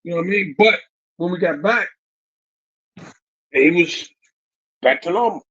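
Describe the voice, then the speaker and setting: A man's voice: high-pitched, a little slow, fairly bright tone, breathy edge, highs cut off. A middle-aged man, a boxing trainer, telling stories casually and acting out quotes, tagging lines with "man" and "you know what I mean". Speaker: boxing trainer, interview guest. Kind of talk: casual storytelling.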